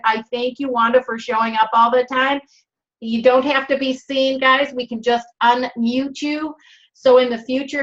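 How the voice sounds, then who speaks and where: Host: upbeat high-pitched woman with a Minnesotan accent, chatty and rambling, muffled video-call audio. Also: a bit bright. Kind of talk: casual live-stream chat.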